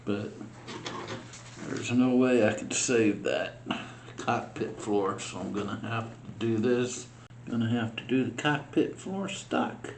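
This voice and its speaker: A man narrates his scale model build in a slow, unhurried way. He mutters and grumbles in frustration at the tiny parts as he works. The sound is roomy, with a faint hum behind him. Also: mid-range voice. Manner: muttering to himself, frustrated and exasperated. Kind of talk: casual build vlog narration.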